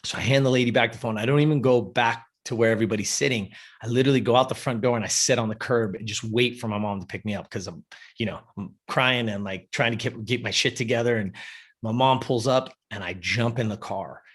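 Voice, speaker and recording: A man in his fifties telling a personal story in an interview, animated and profane, often checking in with "you know" and "right". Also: mid-range voice, quick pace. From US West Coast. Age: 50s. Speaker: interview guest.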